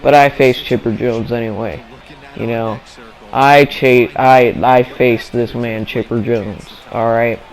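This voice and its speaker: A man's voice: medium pitch, fairly even intonation, slow pace, poor audio. A young man giving casual, playful commentary over his own gameplay, acting out his thoughts in mock-dramatic asides.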